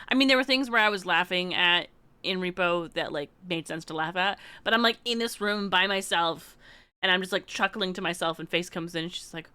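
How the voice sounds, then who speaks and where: A woman livestreamer telling a story in casual chat with her viewers, excitable and laughing often. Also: fairly low pitch, a little fast, smooth. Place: room at home, alone.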